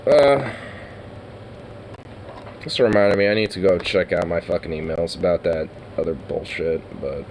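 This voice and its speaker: Slow, rambling man reacting with swearing. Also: deep voice, a little hiss or hum. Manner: rambling, swears a lot, laughs often. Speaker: streamer reacting to clips. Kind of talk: casual commentary.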